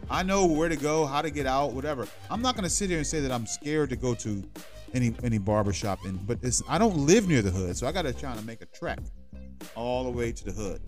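A man co-hosting a podcast in casual chat, animated and stammering, repeating his words. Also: medium pitch, fast talker, soft background music. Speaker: podcast co-host.

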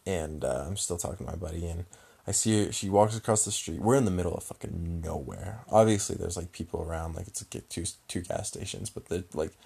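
A young man with a very low, gravelly voice tells a story in a loose, rambling way. His voice sounds husky and rough, and his talk is packed with filler words and casual swearing. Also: brisk, warm tone.

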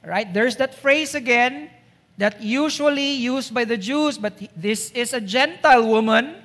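A woman's voice: on the high side, measured pace, a bit bright. A woman preaching a sermon in a church, emphatic and asking the congregation rhetorical questions. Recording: echoey church hall.

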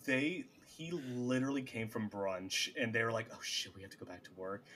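Animated man retelling scenes in casual chat. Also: medium pitch, normal speed, very noisy. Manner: animated, acts out characters' lines. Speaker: podcast co-host.

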